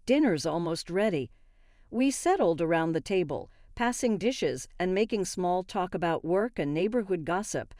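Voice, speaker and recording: A woman reading a first-person story in an even, steady narration. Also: lowish voice, moderate pace, hardly any pauses, dry recording, clean studio sound.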